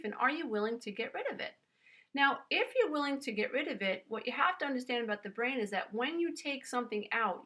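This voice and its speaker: A self-help speaker with a New York accent and a high, pushed, bright voice gives an earnest, emphatic motivational talk. She speaks directly to her listener, calling them "dear one."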